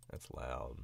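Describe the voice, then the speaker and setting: A man from the Southern United States chats casually on a stream about his voice work, sounding sick and sleepy as he rambles and chuckles through asides. His voice is medium-pitched and creaky with a fairly bright tone, over slight background noise.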